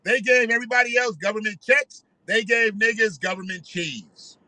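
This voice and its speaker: Man, high voice, very bright and sharp, profane rant, dry sound. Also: moderate pace, no echo, low-quality recording. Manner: heated, profane, conversational. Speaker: commentator. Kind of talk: ranting commentary.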